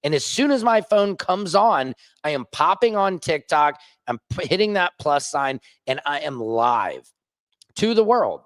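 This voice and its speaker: A man who hosts his own news vlog, ranting casually and fast from a rooftop with lots of restarts and asides. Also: on the high side, big pitch swings, a bit bright, no echo. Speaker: independent journalist and vlog host. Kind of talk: casual on-camera rant.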